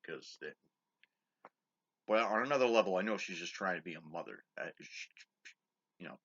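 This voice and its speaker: Low-voiced guy in his 30s ranting casually, bright but kinda husky, sounds a bit dull and lo-fi. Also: lively intonation. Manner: profane, halting, with many restarts and fillers. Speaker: vlogger. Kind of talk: casual rambling monologue. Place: his own bedroom.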